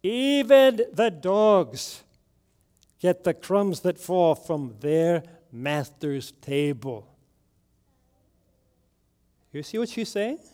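A male preacher delivering a sermon in a notably high voice. He speaks slowly, letting each phrase land as he tells the story with drama. He keeps turning rhetorical questions back to his listeners. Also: lively intonation, a little mellow.

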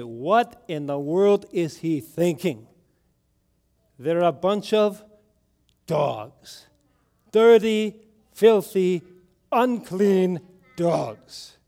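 A male preacher delivering a sermon in a notably high voice. He speaks slowly, letting each phrase land as he tells the story with drama. He keeps turning rhetorical questions back to his listeners. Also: darkish tone.

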